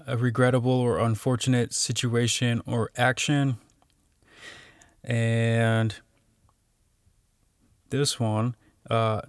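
A man's voice: medium pitch, no echo, clean studio sound. A man talking casually on his own, reading out definitions with many fillers and restarts.

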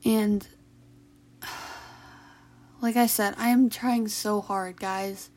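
Sleepy young woman, slow confessional podcast. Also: medium pitch, steady tone. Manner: soft, tired and halting, yawning and sighing, with whispered stretches. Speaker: podcast host. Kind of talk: late-night confessional podcast monologue.

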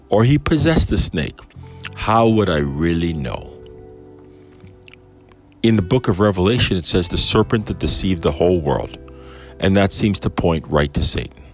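A man teaching on a Bible passage in a casual, musing way, asking lots of rhetorical questions. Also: lowish voice.

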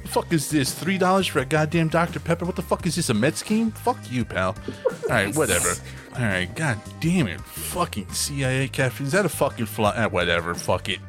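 A rude, foul-mouthed middle-aged Frenchman, as a man puts him on in a comedy podcast skit, muttering and grumbling with a lively, swooping delivery. Music plays clearly behind him. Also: medium pitch, a little fast, natural voice. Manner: profane, grumbling, contemptuous muttering.

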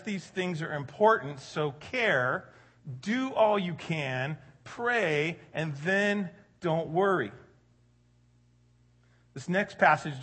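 Husky-voiced man preaching casually. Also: a little high. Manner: conversational and joking, rising loud for emphasis. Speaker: pastor. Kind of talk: sermon.

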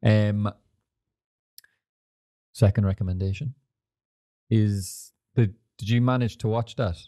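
A young man with a low, mellow voice hosts a laid-back podcast. He rambles from story to story, swears freely and leans on fillers as he goes. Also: steady tone, takes it slowly. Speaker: podcast host. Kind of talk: casual chat.

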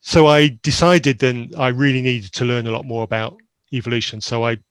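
A man's voice: medium pitch, flat delivery, smooth, dry recording. Earnest man recounting his past. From Zambia. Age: around 50. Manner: earnest, candid, halting with restarts. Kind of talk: reflective personal storytelling.

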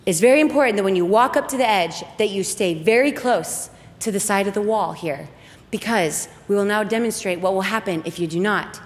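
A woman voicing a stern male cave guide who gives slow, serious safety instructions. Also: medium pitch, long reverb tail, voice pushed down, close to an everyday voice.

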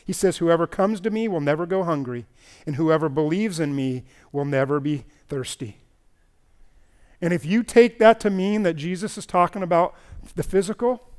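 A man preaching a sermon as pastor at a church service, swinging between loud emphatic stretches and quiet low passages. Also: clean tone.

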